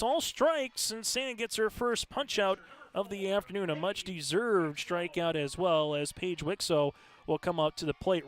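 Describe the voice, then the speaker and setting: A man calling live high school softball play-by-play in a steady, conversational way, filling pauses with stats and lineup notes. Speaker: play-by-play announcer. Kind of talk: live sports commentary.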